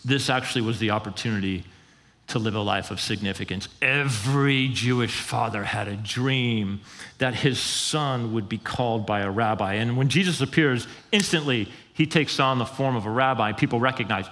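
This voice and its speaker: A man giving a conversational sermon as pastor, animated and acting out quoted voices. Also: normal speed. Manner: animated, conversational, acts out quotes with pitch jumps. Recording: long hall reverb.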